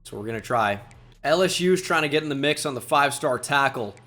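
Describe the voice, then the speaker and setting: A man commentating a football video game as he plays, musing quietly and then shouting at big plays. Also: medium pitch, animated, a little fast, soft background music. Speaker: gaming YouTuber. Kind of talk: gameplay commentary.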